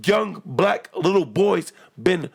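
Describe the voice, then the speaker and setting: Gravelly, heated man arguing a point. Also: high voice, expressive, takes it slowly. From United States. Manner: emphatic, heated and profane. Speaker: podcast co-host. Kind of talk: casual podcast debate.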